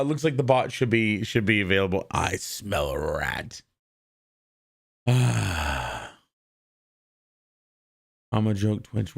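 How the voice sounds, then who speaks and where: A young man with a mid-range voice full of vocal fry chats casually on his live stream as his voice wears out. Upbeat and rambling, he greets his viewers one at a time.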